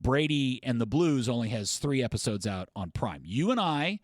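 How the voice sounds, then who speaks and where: A man's voice: medium pitch, sing-song, moderate pace, no echo, studio quality. A man co-hosting a casual chat, rambling through stories and poking fun at himself. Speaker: podcast co-host.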